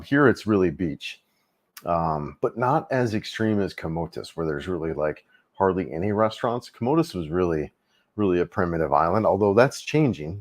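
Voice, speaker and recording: A middle-aged man hosting a casual travel livestream, rambling easily with lots of fillers and restarts. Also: low-pitched.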